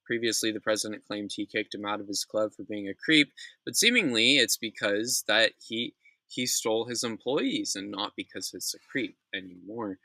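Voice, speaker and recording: Young male news commentator, low, forceful voice, blunt and profane, dry close recording. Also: moderate pace, no echo, low-quality recording. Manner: blunt, profane, opinionated, with frequent restarts. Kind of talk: casual news commentary podcast.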